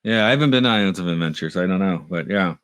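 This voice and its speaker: Brief: middle-aged male podcast co-host, low voice, dry close sound, rambling and self-mocking. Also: lively intonation, racing, a bit bright, clean tone, no room sound. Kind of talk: casual chat.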